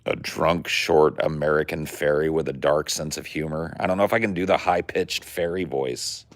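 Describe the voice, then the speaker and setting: A man's voice: very deep voice, steady tone, moderate pace, no room sound. A man hosting in a casual, joking, self-deprecating chat.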